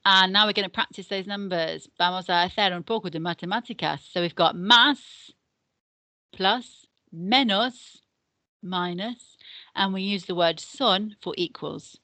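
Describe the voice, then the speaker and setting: Slow, careful English woman teaching Spanish. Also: mid-range voice, bright, forceful tone, no echo. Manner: slow, careful modelling of pronunciation. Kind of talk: recorded classroom lesson.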